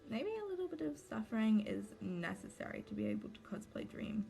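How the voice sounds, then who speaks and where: A woman's voice: a little high, very animated, brisk, creaky, warm tone, soft background music. Anxious rambling young woman streamer. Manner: anxious, rambling, talks to chat while drawing. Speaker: livestreaming cosplay maker. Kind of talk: casual livestream chat while crafting.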